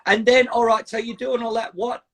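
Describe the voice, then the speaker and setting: Aussie male host, middle-aged, higher voice, relaxed chatty interviewer who backs up the guest constantly. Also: a little fast. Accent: Australian. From Australia. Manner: laid-back, frequent "yep" backchannels. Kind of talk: casual interview chat.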